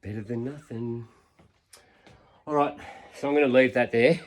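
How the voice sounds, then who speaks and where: At a moderate pace and medium pitch, a fifties-aged fitness vlogger leads a casual talk-along leg workout from his home workout space indoors. He pushes through the exertion while counting reps out loud and motivating viewers.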